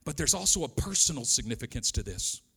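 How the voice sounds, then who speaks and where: A man's voice: mid-range voice, very animated, quick pace, vocal fry, fairly bright tone, husky. A middle-aged man from Oakland, California, preaching a sermon with a repetitive, impassioned cadence and personal stories. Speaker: pastor.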